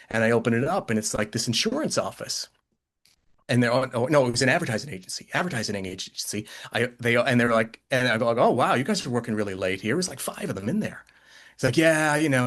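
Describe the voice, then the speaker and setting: Rambling storyteller man. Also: medium pitch. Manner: rambling, animated, acts out quoted voices. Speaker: podcast guest, author. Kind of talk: casual storytelling.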